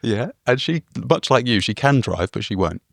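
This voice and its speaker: A man's voice: mid-range voice, animated, normal speed, vocal fry, a bit bright, dry recording, studio quality. A man co-hosting a travel podcast, telling a rambling, self-deprecating story with small chuckles. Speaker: podcast co-host.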